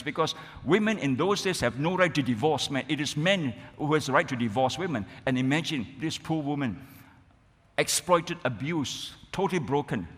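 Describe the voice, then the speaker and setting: A man preaching a sermon as pastor, emphatic and building to loud exclamations. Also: a little high. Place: church sanctuary. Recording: reverberant church hall.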